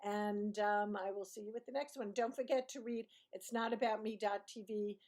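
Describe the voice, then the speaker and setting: A woman's voice: medium pitch, steady tone, moderate pace, darkish tone. Woman from Brooklyn, YouTuber, casual storytelling, rambling, self-correcting, laughs a lot. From Brooklyn, New York. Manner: chatty, digressive, self-correcting, laughs often.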